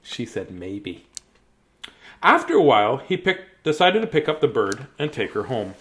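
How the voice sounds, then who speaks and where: A man's voice: medium pitch, very animated, moderate pace, fairly bright tone. A man reading a bedtime picture book aloud on a live stream, breaking off for chatty, chuckling asides. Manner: chatty, chuckling asides between read lines. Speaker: storybook reader and host.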